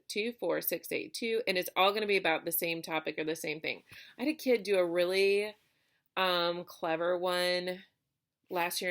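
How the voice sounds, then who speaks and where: A woman's voice: fairly low pitch, vocal fry, fairly bright tone. A young woman teacher giving a recorded remote lesson, talking casually with many ums and likes.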